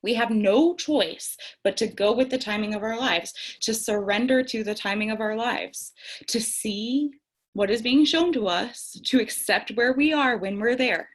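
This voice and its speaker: A young woman talks through a spiritual lesson in a candid, conversational way. She moves between calm reflection and frank personal storytelling, with light self-mocking laughter and the odd casual curse. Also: fairly high pitch, unhurried. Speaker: tarot and self-care host. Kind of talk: reflective spiritual talk to camera.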